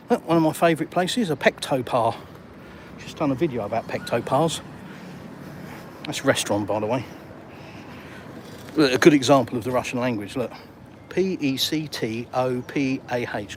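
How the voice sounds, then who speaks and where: An English-accented man talks casually on camera while walking outdoors, holding his phone. His delivery is cheeky and slangy, full of teasing asides to viewers. Faint traffic hums behind him, and his pitch sits in a middle range. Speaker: vlogger. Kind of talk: casual walk-and-talk vlog. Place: outdoors on an urban seafront street.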